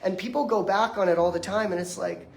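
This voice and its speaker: A man's voice: sits high, a little fast. A man in his twenties giving an emphatic, conversational motivational lecture, speaking directly to the audience in front of him. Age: 20s. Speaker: detox practitioner giving a lecture. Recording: echoey room.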